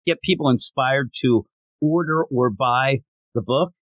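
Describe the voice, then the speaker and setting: A man's voice: medium pitch, measured pace, fairly bright tone, slightly rough, no room sound. A man hosting a comic book show, giving casual, jokey commentary full of digressions and chatty asides. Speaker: comic book reviewer and podcast host.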